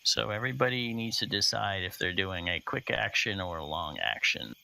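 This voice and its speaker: A man narrating a tabletop game as game master and explaining the rules, halting with many fillers and restarts. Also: low-pitched, animated, creaky, bright, forceful tone, poor audio.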